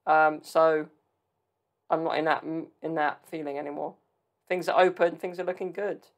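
A man's voice: fairly high pitch, level tone, normal speed. A man casually commenting on funny clips in an amused, chatty way. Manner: laid-back, amused, chatty asides. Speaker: video reaction host.

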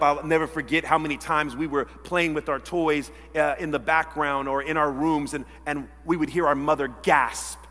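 A male pastor delivers a dramatic sermon in a high, ringing voice, slipping into quoted voices and shifting from loud outbursts to near whispers. His words trail off into a long reverb that fills the church sanctuary. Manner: dramatic, acts out quoted voices, swings between loud and hushed.

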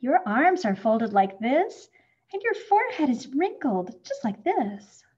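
A gentle female butterfly teacher from a storybook, speaking slowly, firmly and soothingly, as a woman reads her aloud. The voice is breathy and slow-paced. The recording is muffled and lo-fi. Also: high-pitched, very animated, exaggerated voice.

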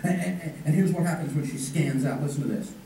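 A man teaching a live personal finance seminar in an energetic, joking way, asking the room questions. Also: fairly high pitch, fairly quick, a little hiss or hum. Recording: echoey hall from far off.

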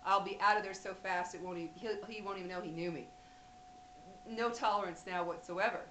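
A woman's voice: medium pitch, steady tone, a little fast, fairly bright tone, roomy sound, a little hiss or hum, poor audio. A woman vlogger talking straight to camera, blunt and emphatic, speaking directly to women viewers. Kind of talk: direct-to-camera advice talk.

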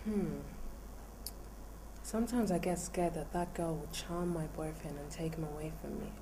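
Low-voiced Nigerian woman in an echoey room. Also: normal speed, background noise. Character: insecure young woman, girlfriend. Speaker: actor in a film drama.

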